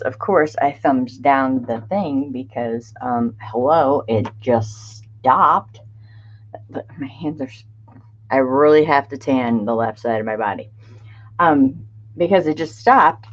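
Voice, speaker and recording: A middle-aged woman hosts a craft livestream in a bass voice, expressive and at a measured pace. She chats casually with viewers, greets them by name and laughs often, all over dull lo-fi stream audio.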